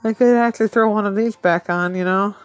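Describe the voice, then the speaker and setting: A woman's voice: medium pitch, steady tone, fairly quick, dry recording, lo-fi sound, soft background music. A woman thinking aloud as she plays a mobile game, muttering to herself and laughing often in casual commentary.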